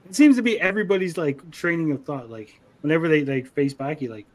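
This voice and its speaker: A young man co-hosting a casual anime review, animated, acting out character lines in funny voices. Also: fairly high pitch, fast, a little hiss or hum. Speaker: podcast co-host.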